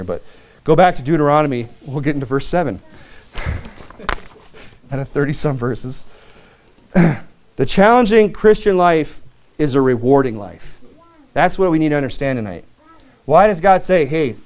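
A man from Michigan preaching a sermon, animated, with many asides and acted-out quotes. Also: mid-range voice. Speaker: pastor.

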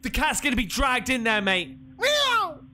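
Jumpy man, high bright voice. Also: a little fast. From England. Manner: jumpy, loud exclamations and swearing. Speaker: reaction video host. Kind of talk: excitable horror reaction commentary.

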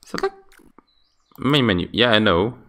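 Give me a low-pitched man casually commenting on a game while he plays. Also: animated, normal speed, fairly bright tone. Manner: rambling, searching for words with fillers. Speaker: let's play host.

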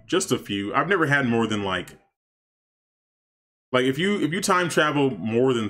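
A man casually commenting on his gameplay for stream viewers, chatty and excitable, talking to his chat. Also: mid-range voice, normal speed. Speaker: streamer playing a life-sim game.

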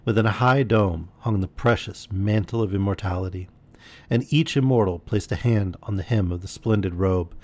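A man reading a classic story aloud as a bedtime storyteller, steady and expressive. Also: on the low side, moderate pace.

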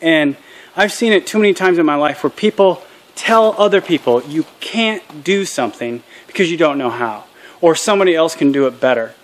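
A man's voice: a little high, expressive, normal speed. Earnest man vlogging outdoors. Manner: earnest and candid, drops acronyms and military jargon. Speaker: channel host. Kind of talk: casual vlog talk. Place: outdoors at a small farm processing setup.

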